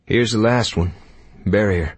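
A man's voice: on the low side, moderate pace, slightly rough, no echo. A man voicing a seasoned frontier scout who talks in a terse, matter-of-fact way. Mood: flat.

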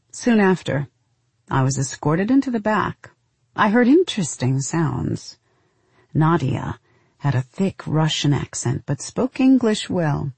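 A woman narrating a first-person story in a measured, intimate, deadpan way. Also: low voice, creaky, slightly rough, no echo.

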